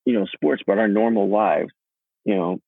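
A man's voice: lowish voice, steady tone, moderate pace, creaky, no echo. A man co-hosting a casual sports podcast, talking in an easygoing, thoughtful way with lots of "you know"s. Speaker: podcast co-host. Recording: tinny phone-like line.

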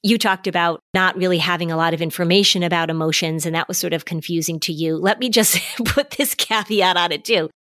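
A woman's voice: on the low side, a little fast, hardly any pauses, no room sound, studio quality. A middle-aged woman, a parenting expert, explaining in casual podcast talk and acting out what parents say. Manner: warm explanatory, acts out parent quotes.

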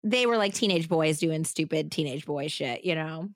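A woman's voice: sits low, normal speed, no room sound, clean studio sound. A woman hosting a true crime podcast, telling the story casually with a twang, laughing often and doing drawling voices for quotes. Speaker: podcast host.

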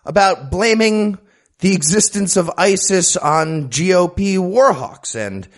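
Lively high-voiced man leading a podcast. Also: measured pace. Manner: leads the rundown with wry asides. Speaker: podcast host. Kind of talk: comedic casual chat.

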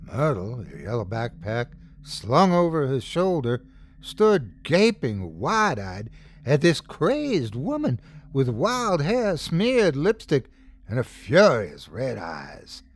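Slow, dramatic male horror narrator. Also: mid-range voice, huge pitch swings. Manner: dramatic, swells and drops for suspense. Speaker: host and narrator. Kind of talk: scripted horror story narration.

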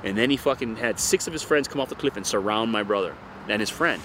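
A surfer being casually interviewed speaks fast in a lowish voice, spinning a rambling, expletive-filled surf story with animation. He comes from Hawaii's North Shore on Oahu, and there's slight background noise.

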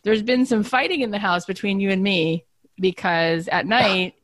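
Animated woman podcast host, dry sound. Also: moderate pace, dry recording. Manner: animated storyteller, acts out quotes in high voices. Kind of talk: casual chat.

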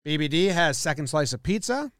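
A man co-hosting a podcast, chatting in a quick, playful, teasing way. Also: a little high, sing-song, fairly bright tone, smooth, no room sound. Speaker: podcast co-host. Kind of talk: casual banter.

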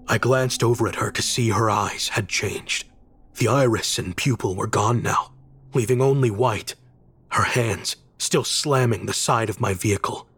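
A man with a husky, somewhat breathy voice of middle pitch reads a first-person horror story. His telling is measured and tense. It works for a dark audio drama. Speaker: narrator. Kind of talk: scripted horror story narration.

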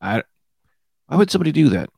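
A man in his thirties hosting his own comedy podcast, high and rambling loosely from one tangent to the next. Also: big pitch swings, quick pace, gravelly, darkish tone, husky, no echo, studio quality. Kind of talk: casual comedic monologue. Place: small room with lights out.

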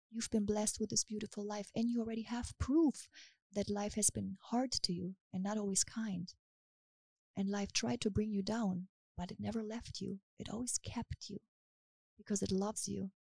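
A woman with a German accent who works as a hypnotist, leading a slow, soothing, repetitive guided hypnosis and then chatting emphatically about it. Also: medium pitch, gravelly, slightly rough, dry recording. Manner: emphatic and upbeat when chatting. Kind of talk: guided hypnosis session, then casual chat.

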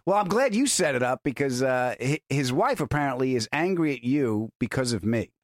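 A man hosting a podcast, telling a story in a deadpan way that builds to a punchline. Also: medium pitch, brisk, no echo, studio quality. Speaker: podcast host. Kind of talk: casual chat, storytelling.

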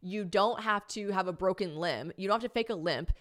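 A woman hosting a podcast, telling a comic story in a casual, animated way, swearing freely, mocking herself and acting out what people said. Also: mid-range voice, a little fast. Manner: animated, swearing, self-mocking, acts out quotes. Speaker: podcast host.

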